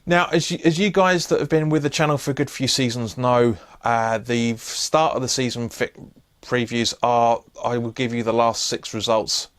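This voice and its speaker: A man hosts a casual football preview vlog at a middle pitch. He talks in a loose, chatty way and often restarts his sentences with fillers. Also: fairly even intonation, moderate pace. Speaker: host.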